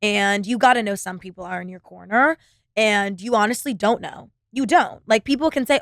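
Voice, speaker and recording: A woman's voice: medium pitch, fairly quick, fairly bright tone, no room sound, studio quality. A young woman hosting her own podcast, talking alone in a blunt, profane, rambling way with constant fillers. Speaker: podcast host. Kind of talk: casual solo podcast monologue.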